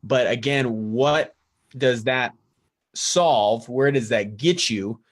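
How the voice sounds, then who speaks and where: Male co-host, mid-pitched, thoughtful, talks in rhetorical questions. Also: slow pace. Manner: reflective, asks rhetorical questions. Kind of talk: casual talk show discussion.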